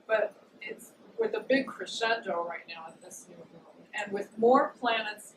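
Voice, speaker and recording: A woman talking casually about astrology, chatty, with many fillers, and acting out quotes. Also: medium pitch. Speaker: astrologer and psychic. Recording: echoey room, distant mic, noisy.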